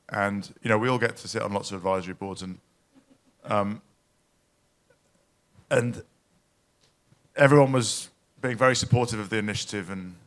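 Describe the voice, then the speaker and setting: A man's voice: medium pitch, fairly bright tone. A man speaks at a live event in a pavilion, telling stories with a mid-range voice. He sounds emotional and anecdotal, stopping and restarting his sentences often. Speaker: panel speaker at a climate event.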